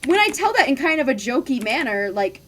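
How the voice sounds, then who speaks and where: A woman's voice: high voice, big pitch swings, brisk, a bit bright, a little hiss or hum. Chatty, candid young woman streamer. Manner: candid, chatty, frequent "like" fillers. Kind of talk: casual chat while gaming.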